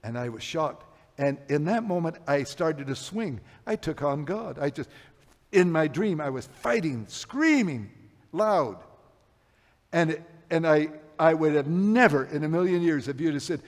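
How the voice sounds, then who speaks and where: An older man preaching a sermon, telling personal stories, rising loud then dropping low. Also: animated, a little slow. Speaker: pastor. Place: church sanctuary. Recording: long hall reverb.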